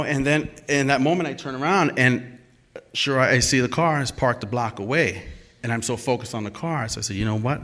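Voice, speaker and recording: Bright-voiced man telling a story on stage. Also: a little high. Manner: animated, emphatic, acts out quoted dialogue. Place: stage at a live storytelling event.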